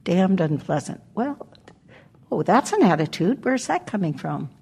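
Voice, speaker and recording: An older woman gives a dharma talk in a low, gravelly voice with a husky edge. Her tone is mellow and dark. She speaks gently and reflectively, leaving pauses and laughing softly. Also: big pitch swings. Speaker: meditation teacher. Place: meditation hall.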